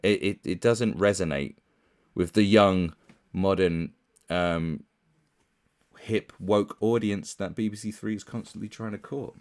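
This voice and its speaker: A man's voice: low-pitched, a little slow, a little mellow. A man giving casual commentary, rambling and scornful, with many fillers and restarts. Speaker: commentary YouTuber.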